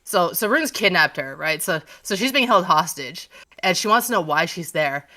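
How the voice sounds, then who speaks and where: A woman's voice: fairly low pitch, lively intonation, normal speed, pushed and bright. A woman author in a casual podcast interview, gushing and swearing freely as she rambles with many restarts.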